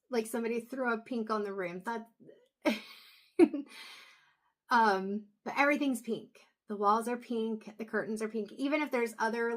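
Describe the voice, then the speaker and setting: Soft-spoken woman, halting and tired. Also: fairly high pitch. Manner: soft, halting, many pauses and ums. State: low on energy. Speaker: intuitive reader. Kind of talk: casual talk to camera.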